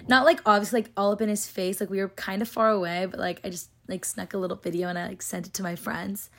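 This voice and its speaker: Young woman, late teens to early twenties, vlogger, fast, chatty, filler-heavy delivery. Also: mid-range voice, fairly even intonation, a bit bright. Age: young adult. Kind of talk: casual storytelling vlog.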